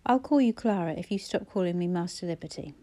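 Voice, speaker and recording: A woman's voice: fairly low pitch, animated, quick pace, warm tone, lightly acted. A woman voicing a polite, considerate young man in a storybook. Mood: earnest. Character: kind, helpful young man, earnest.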